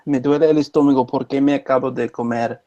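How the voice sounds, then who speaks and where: A man's voice: mid-range voice, fairly even intonation, fast talker, warm tone, highs cut off. A man in casual chat with friends, joking around and tossing in Spanish phrases.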